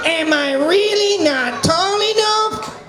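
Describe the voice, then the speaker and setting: A lanky, sulking game villain, put on by a man, whining slowly through his complaints in a raised, nasal-leaning high voice. The pitch swings widely. The sound echoes in the room. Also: animated, a crowd in the background, heavily acted. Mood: whiny. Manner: whiny, slow, self-pitying.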